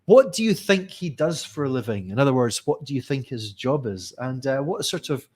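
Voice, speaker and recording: Lively man teaching a live online class. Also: medium pitch, moderate pace, slightly rough. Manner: lively, questioning, addresses viewers by name. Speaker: teacher trainer.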